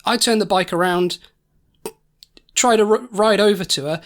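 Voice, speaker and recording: A woman co-hosting a comedy podcast tells an improvised story, rambling, laughing and restarting often. Her voice is mid-range and moderately paced.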